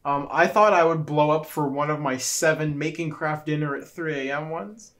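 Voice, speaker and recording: A man's voice: fairly high pitch, fairly even intonation, moderate pace, a bit bright. Rambling young man telling stories. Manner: rambling, laughing storyteller. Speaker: podcast co-host. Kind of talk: casual chat.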